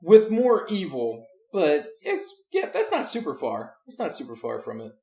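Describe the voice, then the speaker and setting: A man's voice: a little high, huge pitch swings, moderate pace, mellow. Man, preacher, casual podcast chat, rambling, restarts, roomy echo. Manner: rambling, searching for words with many restarts.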